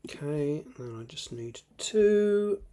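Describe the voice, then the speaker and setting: A man's voice: fairly high pitch, animated, slow pace, warm tone. A tired man, an author, reading his own draft aloud and muttering asides to himself while editing.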